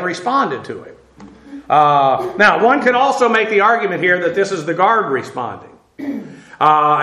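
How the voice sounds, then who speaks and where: A man's voice: high voice, sharp tone, echoey room. A man teaching a verse-by-verse Bible lesson in an informal way, with many fillers, spelling out Hebrew words.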